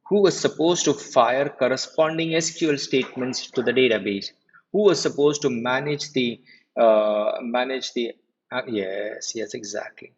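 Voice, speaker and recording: Husky-voiced man teaching, muffled audio. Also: medium pitch. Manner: repeats key points and keeps quizzing the class. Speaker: software trainer. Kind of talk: live technical lecture.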